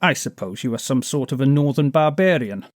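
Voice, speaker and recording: A man reading an audiobook, voicing a fat, boastful male kidnapper who talks loudly and mocks his listener. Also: medium pitch, lively intonation, fairly quick, no echo, studio quality, voice pushed up, natural voice. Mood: jeering. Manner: blustering, mocking, self-important.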